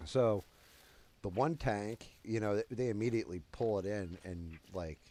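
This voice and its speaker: Deep-voiced guy rambling a crude story. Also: steady tone, moderate pace, mellow. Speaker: streamer. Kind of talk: casual storytelling on a live stream.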